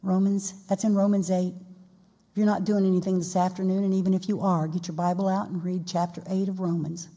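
A woman's voice: lowish voice, level tone, fairly quick, warm tone. A woman pastor preaching a sermon in a folksy, conversational way with playful asides. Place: church sanctuary. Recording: long reverb in a church hall.

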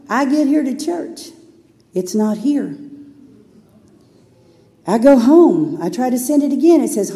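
A woman's voice: sits high, animated, a little slow, pauses often, warm tone. A woman pastor preaching a sermon in a church, chatty and playful as she tells stories. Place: church sanctuary. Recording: long hall reverb.

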